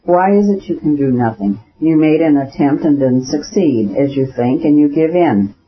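A man's voice: on the high side, animated, normal speed, natural voice. Earnest elder brother, educated and lecturing , read by a man; persuasive, dull lo-fi audio. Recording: dull lo-fi recording.

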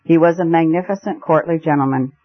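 A man reading a classic novel aloud as narrator, in a steady storytelling manner. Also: fairly high pitch, a little fast, faint music behind. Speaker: audiobook narrator. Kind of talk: scripted narration. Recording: muffled lo-fi recording.

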